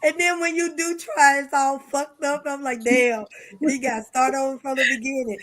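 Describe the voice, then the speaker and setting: A woman jokes through a casual spiritual podcast chat. Her voice sits high. She laughs often and acts out her spirits' replies. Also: fairly even intonation, normal speed, a bit bright.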